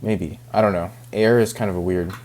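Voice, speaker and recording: A man's voice: sits low, steady tone, brisk, darkish tone. A young man reading a novel aloud and stopping to puzzle over words, muttering, cursing and dropping into whispers. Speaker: reader.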